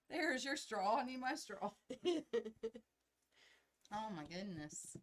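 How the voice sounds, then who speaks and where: A woman's voice: on the high side, a bit bright. A woman co-hosting a live stream, giggling and chatting casually as she mixes drinks. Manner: giggly, chatty, playing bartender. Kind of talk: casual chat.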